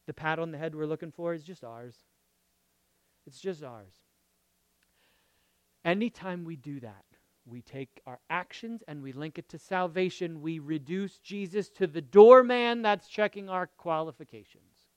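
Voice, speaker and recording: Man, pastor, conversational sermon, loud then hushed, asks okay and right, dry close recording. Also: a little high, moderate pace, smooth, dry recording. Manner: swings from loud emphatic lines to quiet murmured asides; checks in with the audience, asking okay and right.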